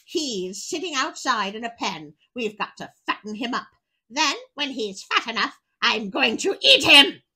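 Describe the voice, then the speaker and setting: A woman's voice: on the high side, sing-song, measured pace, bright, forceful tone, slightly rough, heavily acted. A woman voicing a wicked old witch who gloats and shrieks as she gives orders. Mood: gloating.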